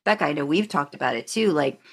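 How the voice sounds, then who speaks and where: A woman's voice: low voice, animated, fast talker. A woman hosting a podcast in casual chat, enthusiastic and rambling with many restarts. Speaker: podcast host.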